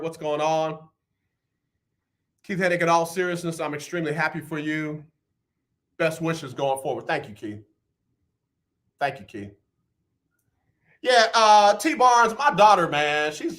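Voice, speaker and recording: An animated radio host in his fifties with a high, bright voice. He chats casually and playfully with callers and listeners, repeating lines for emphasis as he goes. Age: 50s. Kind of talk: casual radio talk, reading listener comments.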